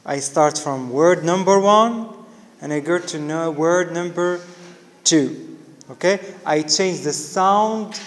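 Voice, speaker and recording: A male teacher giving a classroom lecture, explaining step by step and often checking with "okay, guys? clear?". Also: fairly high pitch. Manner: explains slowly step by step, repeating key words. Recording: reverberant room.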